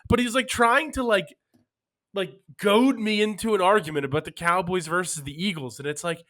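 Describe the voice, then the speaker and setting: A young man from Philadelphia hosts a relaxed sports betting chat. His voice is bright and sits a little high, and he talks in an easygoing way, tossing questions to his co-hosts. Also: moderate pace. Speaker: podcast host.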